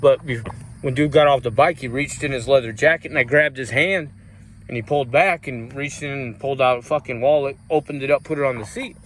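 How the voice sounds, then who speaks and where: A man's voice: mid-range voice, fairly quick, a bit bright, a little hiss or hum. A man vlogging, telling rambling personal stories in a casual way, swearing often and using many fillers. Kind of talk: casual storytelling.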